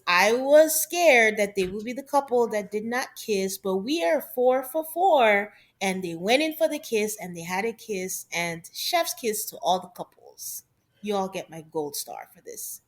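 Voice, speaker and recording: A woman co-hosting a podcast, chatting casually through a reality-show recap and laughing often. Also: medium pitch. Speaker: podcast co-host.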